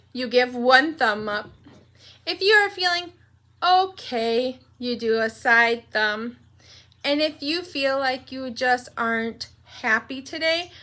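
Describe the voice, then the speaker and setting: Bright-voiced, slow-talking preschool teacher woman. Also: on the high side. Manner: slow, gentle and sing-song, breaking into cheerful songs. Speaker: pre-K teacher. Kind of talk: read-aloud morning meeting lesson for young children.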